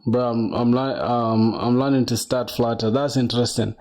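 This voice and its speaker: A man's voice: mid-range voice, fairly even intonation, normal speed, darkish tone. A young man casually chatting on a coding livestream, rambling and reading viewer comments aloud, calling everyone bro. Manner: chatty, rambling, says bro a lot, reads chat aloud.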